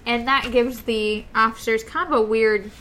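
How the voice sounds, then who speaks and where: A woman's voice: fairly high pitch, steady tone, normal speed, fairly bright tone, slight background noise. A woman co-hosting a casual book discussion podcast, recapping the plot and quoting characters as she goes. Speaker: podcast co-host.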